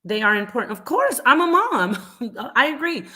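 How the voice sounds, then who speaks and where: Casual woman host answering chat live: animated, repeats herself, slips into quoted voices. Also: high-pitched, moderate pace. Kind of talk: casual live-stream commentary.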